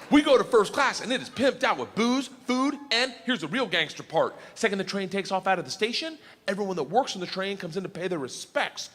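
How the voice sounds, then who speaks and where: A man doing stand-up comedy, telling a story loudly with laughs and shouted punchlines on a theater stage. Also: high voice, big pitch swings, fast, hardly any pauses, big-room sound, background noise.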